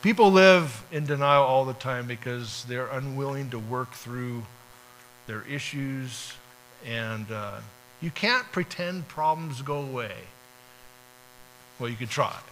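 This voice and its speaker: A pastor speaks slowly in a medium-pitched, slightly bright voice, preaching a casual sermon in which he acts out short prayers and dialogues. Audio quality is poor, with slight background noise.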